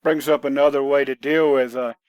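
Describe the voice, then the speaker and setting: Blunt man, mid pitch, dry close mic; plain-spoken podcast guest. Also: fairly even intonation, a little fast, clear, resonant tone, no room sound. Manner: blunt, matter-of-fact, rule-giving. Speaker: guest, self-defense author. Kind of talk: conversational podcast storytelling.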